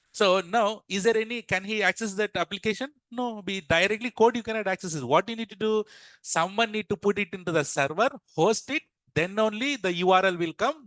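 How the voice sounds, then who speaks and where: Brief: male teacher, bright and fairly high, dry close sound, quizzes the class. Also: dry recording, rough recording. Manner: repeats questions to the class, asks "yes or no". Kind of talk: classroom lesson told as a story.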